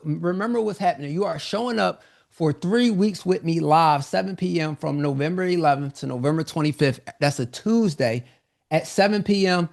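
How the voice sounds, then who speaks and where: A man hosting a live online webinar, pitching a business course in an energetic, repetitive, informal style, a little out of breath. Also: gravelly. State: slightly out of breath.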